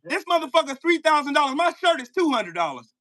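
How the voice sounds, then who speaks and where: Shrill, bright-voiced man hurling taunts. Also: very animated, fast talker. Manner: taunting, profane, repeats short demands. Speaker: livestream host. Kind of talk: heated livestream argument.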